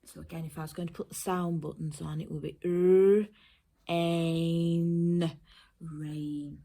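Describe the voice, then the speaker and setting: A woman teacher from England giving a phonics lesson to young children and their parents, sounding out letters slowly and carefully. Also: low voice, little pitch movement, gravelly, dark tone, slightly rough. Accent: English. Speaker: primary school teacher.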